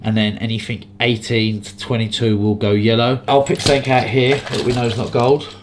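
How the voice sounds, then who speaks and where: A man's voice: mid-range voice, little pitch movement, brisk, background noise. A man, a jeweller chatting casually as he walks through prices and gold tests in his shop. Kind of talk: casual explaining to camera and customer.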